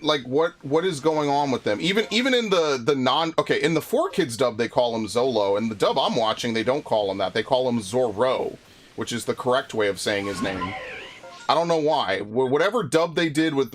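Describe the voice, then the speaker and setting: A man's voice: medium pitch, a little hiss or hum. A man streaming a video game, chatting casually in a rambling, frustrated way, swearing often and restarting his sentences. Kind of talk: casual live-stream chat while playing.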